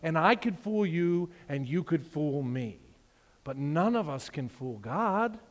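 Pastor, male, conversational preacher who voices his characters, slightly high voice, big reverberant room. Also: expressive, takes it slowly. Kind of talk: sermon. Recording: long reverb of a large hall.

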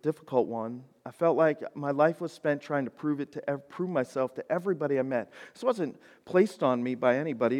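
A man preaching to high schoolers, casual and folksy, building to emphatic points. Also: darkish tone. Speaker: youth pastor. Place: church sanctuary. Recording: long hall reverb.

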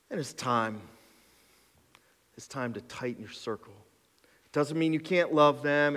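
A man's voice: medium pitch, fairly bright tone. A male pastor preaching a sermon in a conversational, emphatic way, counting off numbered points, in a church sanctuary. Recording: long hall reverb.

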